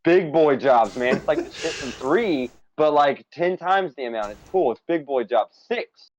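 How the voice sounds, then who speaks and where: A man's voice: on the high side, lively intonation, a little slow, a little hiss or hum, poor audio. A man co-hosting a casual game discussion, opinionated and running through a list of points with playful asides. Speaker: podcast co-host. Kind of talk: casual conversation about games.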